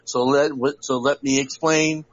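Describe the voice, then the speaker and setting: A man's voice: medium pitch, steady tone, normal speed. Rambling man on a lo-fi stream. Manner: rambling, many restarts and fillers. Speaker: podcast co-host. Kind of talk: casual chat. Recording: lo-fi live audio-app stream.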